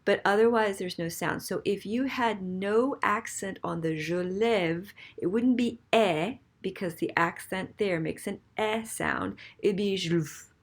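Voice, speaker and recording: Slow, patient woman teaching French. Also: medium pitch. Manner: patient, spells out letters and models French pronunciation. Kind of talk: recorded grammar lesson.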